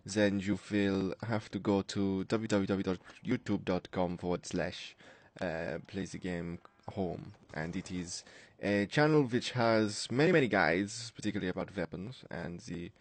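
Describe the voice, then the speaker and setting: A man's voice: sits low, measured pace. A man doing a put-on mock German accent that sounds half Jamaican, voicing a pompous, self-important man who lectures about his own uniqueness.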